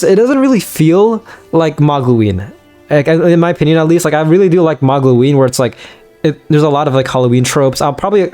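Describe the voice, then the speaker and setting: A man giving casual let's-play commentary in a strained, hoarse voice as he starts to lose it, rambling with lots of fillers and restarts. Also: medium pitch, darkish tone. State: losing his voice, strained. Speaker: gaming video creator.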